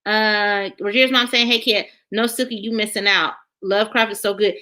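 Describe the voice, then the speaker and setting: A woman, hosting a casual livestream, reading viewers' comments aloud and chatting in a lively way, repeating herself often. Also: medium pitch, normal speed, hardly any pauses. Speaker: channel host reading live chat.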